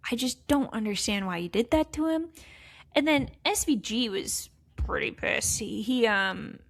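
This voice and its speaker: A woman talks racing on a podcast in a loose, foul-mouthed way, laughing easily. Her voice has a steady gravelly fry. The sound is dry and close, and her pitch sits mid-range. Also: no echo. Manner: blunt and sweary, laughs often. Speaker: podcast co-host. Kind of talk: casual motorsport chat.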